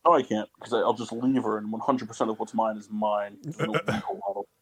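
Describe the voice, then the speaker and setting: A young man co-hosting a casual podcast, loud and swearing in mock outrage among friends. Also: on the low side, fast, breathy edge. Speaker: podcast co-host.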